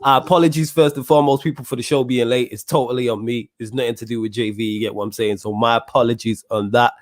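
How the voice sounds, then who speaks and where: A man talks quickly in upbeat, slangy podcast chat. His voice sounds close and dry with no room around it, and he laughs easily. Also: medium pitch, steady tone, no room sound. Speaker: podcast co-host.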